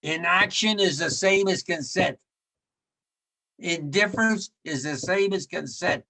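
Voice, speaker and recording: A man's voice: high-pitched, a little slow, vocal fry, bright, forceful tone. A man in his nineties giving a blunt remembrance talk as a war veteran, repeating his points with rising force. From United States. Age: 90s.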